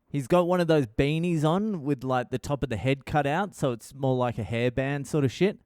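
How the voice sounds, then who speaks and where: A man's voice: medium pitch, normal speed, darkish tone, dry recording, clean studio sound. A middle-aged Australian man hosting a podcast, telling stories in a blunt, profane, rambling way. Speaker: podcast host. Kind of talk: casual storytelling monologue.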